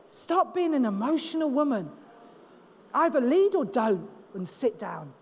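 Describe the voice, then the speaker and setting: Rich: A blunt, no-nonsense husband barking short orders, voice dropped lower as a woman mimics him. His delivery is curt and commanding. It rings out with a long hall reverb. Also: very animated, a little slow, breathy edge, exaggerated voice. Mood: stern.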